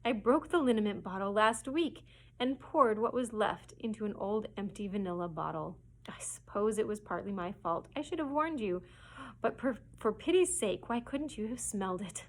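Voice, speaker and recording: A woman voicing a stern, sharp-tongued older spinster guardian who scolds briskly. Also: medium pitch, close to an everyday voice. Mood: scolding.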